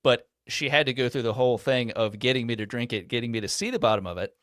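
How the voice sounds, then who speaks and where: A man's voice: medium pitch, lively intonation, fast, a bit bright, dry recording, clean studio sound. A man in his thirties co-hosting a podcast, telling a story casually and poking fun at himself. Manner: rambling, self-deprecating storyteller. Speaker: podcast co-host. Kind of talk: casual chat.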